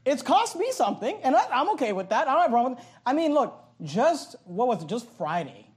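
Middle-aged male pastor with a high voice, loud and animated in the pulpit. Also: quick pace. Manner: bursts into yelling. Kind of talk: sermon.

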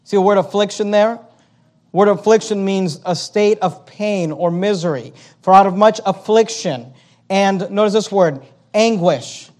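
A man with a notably high voice delivers a sermon as pastor. He walks through a passage verse by verse, stopping to define key words and telling listeners to underline them. When he voices the apostle's words he grows louder and more emphatic. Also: measured pace. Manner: expository preaching, repeating key words and urging note-taking.

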